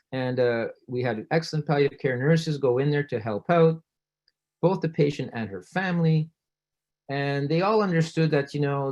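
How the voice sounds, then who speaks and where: A middle-aged doctor talks an audience through real cases in a relaxed, conversational presentation. He tells each story vividly, lifting his voice when he plays the people in it. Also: highs cut off. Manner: storytelling, acts out quoted voices with rising pitch. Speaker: physician giving a public talk.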